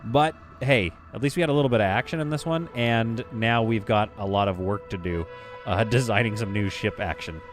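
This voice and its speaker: Over soft background music, a man casually chats through a game on a live stream and reads viewer comments aloud. His voice is on the low side and a little fast.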